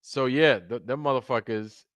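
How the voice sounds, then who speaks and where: Talking casually with his livestream audience, a man curses frequently and occasionally breaks into mocking impressions, all in a laid-back manner. His voice is medium-pitched, smooth, and a bit bright, at a moderate pace with no room sound.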